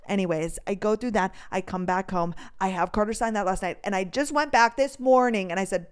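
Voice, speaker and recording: A young woman from North Dakota hosting a casual solo podcast, telling stories with animated energy, acting out dialogue and swearing freely. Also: medium pitch, a little fast, hardly any pauses, clean tone. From North Dakota, USA. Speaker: podcast host.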